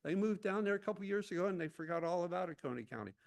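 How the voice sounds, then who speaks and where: Intense gravelly man giving public comment. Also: high voice, animated, rapid-fire. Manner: intense, reading from prepared remarks with asides. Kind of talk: prepared public comment at a town hall.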